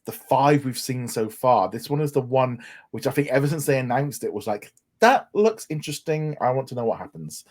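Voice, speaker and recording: A man co-hosting a podcast, chatting with eager enthusiasm and frequent restarts. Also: mid-range voice. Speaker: podcast co-host. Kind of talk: casual chat.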